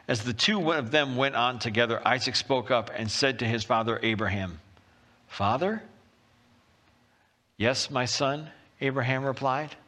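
A man's voice: mid-range voice, bright, forceful tone. A man preaching a sermon, retelling a story animatedly and acting out the characters' voices. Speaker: pastor.

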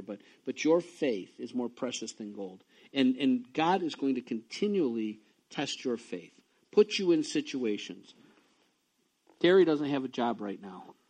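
A man preaching a sermon, reading scripture and telling personal stories, swinging from quiet low talk to loud excited bursts. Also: breathy edge. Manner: reads scripture aloud between personal asides. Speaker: pastor.

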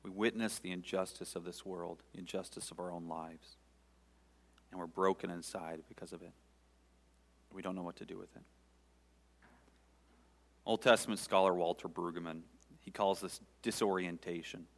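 Low-voiced male pastor, earnest sermon delivery, long reverb of a church hall. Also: steady tone. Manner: earnest, pausing, conversational with the congregation.

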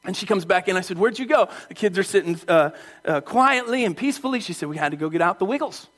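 A man preaching a sermon in a church, animated and playful, acting out voices and calling on the crowd. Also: sits high, fast. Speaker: pastor.

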